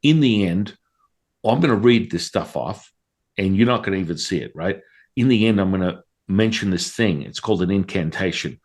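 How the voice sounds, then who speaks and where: Animated, profane storytelling man. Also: deep voice, moderate pace. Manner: animated, profane, acts out dialogue. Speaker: guest, Taoist priest. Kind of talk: casual storytelling interview.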